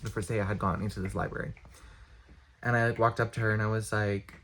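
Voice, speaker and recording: A young male vlogger rants casually to camera in a fairly low, slightly bright voice with fairly even intonation. Exasperated, blunt and profane, he talks in quick bursts.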